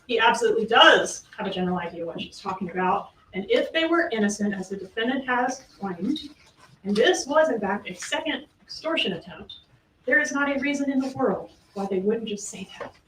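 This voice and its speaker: Female prosecutor, closing argument, rhetorical and emphatic, higher voice, distant roomy courtroom audio. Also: expressive, fairly bright tone, slight background noise. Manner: rhetorical questions, emphatic pauses. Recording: echoey courtroom audio from far off.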